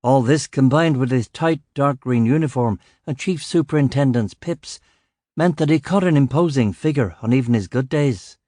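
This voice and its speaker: Brief: male narrator, wry and matter-of-fact, mid-pitched, dry close sound. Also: moderate pace, warm tone, dry recording. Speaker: audiobook narrator. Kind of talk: first-person audiobook narration.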